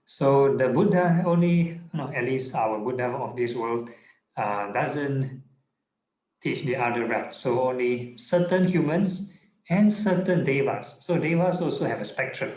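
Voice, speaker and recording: A man's voice: mid-range voice, a little slow. Monk guy chatting through a buddhist talk, lots of uhs and yeahs, kinda echoey room. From Singapore. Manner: relaxed, conversational, many fillers and tag "yeah?". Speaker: monk giving a Dhamma talk. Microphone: online video call.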